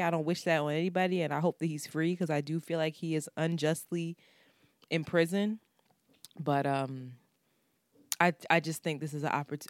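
Woman cohost telling a story, low smooth voice, cusses a lot, dry sound. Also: dry recording. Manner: candid, profane, storytelling. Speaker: podcast co-host. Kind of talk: casual chat.

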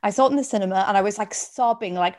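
A woman's voice: mid-range voice, racing, darkish tone. An Irish woman co-hosting a podcast in casual chat, telling stories with a chatty, self-mocking manner. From Ireland. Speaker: podcast co-host.

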